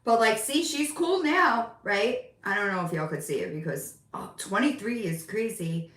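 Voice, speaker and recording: A woman's voice: medium pitch, lively intonation, normal speed, fairly bright tone, distant mic. A middle-aged woman chatting casually on a live stream from her home, rambling and cooing at her cats now and then. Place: room at home. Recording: roomy sound, voice off from the mic.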